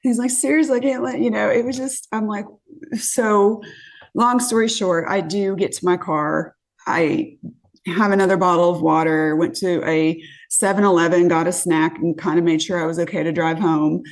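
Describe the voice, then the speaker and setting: With a lowish voice at an ordinary pace, a California woman shares a story as a podcast guest. She's relaxed and animated, performs other people's lines, and lets out curses as she relives it.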